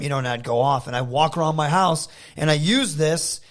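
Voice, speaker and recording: A man from Michigan, a wrestler guest telling animated stories in a casual interview, often slipping into loud impressions. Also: fairly high pitch, brisk, hardly any pauses. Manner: animated storyteller who slips into loud impressions.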